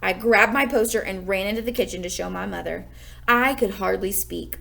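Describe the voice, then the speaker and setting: A woman teacher reading a children's chapter book aloud to her class, lively and expressive. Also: medium pitch, brisk, gravelly. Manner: expressive, gives characters lively raised voices.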